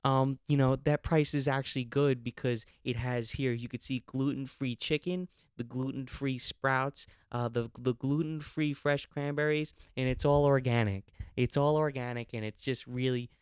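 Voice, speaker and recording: A man's voice: medium pitch, fairly even intonation, normal speed, hardly any pauses, smooth, dry recording, studio quality, close to an everyday voice. A man mimicking a preachy hippie woman shopper who lectures about organic food. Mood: lecturing. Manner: lecturing, know-it-all.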